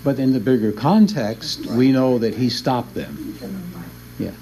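A man's voice: mid-range voice, unhurried, dark tone, slight background noise, low-quality recording. A man teaching a Bible class in an easygoing lecture, often chuckling as he explains.

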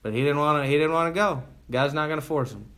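A man's voice: fairly high pitch, quick pace, a bit bright. A man pastor giving a conversational sermon, folksy and emphatic, firing off rhetorical questions at his congregation.

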